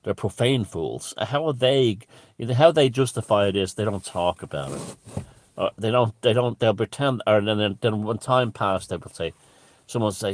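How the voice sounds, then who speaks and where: A man's voice: on the low side, animated, moderate pace, no echo. A middle-aged Irish man giving a profane, sarcastic ranting monologue, full of "you know". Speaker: satirist.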